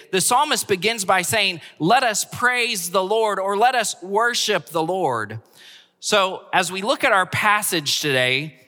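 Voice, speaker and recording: A pastor with a fairly high, bright, forceful voice preaches a sermon, earnestly repeating key phrases for emphasis, and the sound has a big-room quality.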